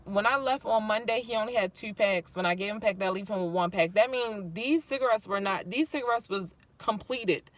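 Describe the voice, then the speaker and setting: A woman's voice: mid-range voice, a little fast, few pauses. A woman caring for her father, venting on a livestream in a frustrated, rambling way, swearing often and close to tears. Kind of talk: livestream vent, reading chat.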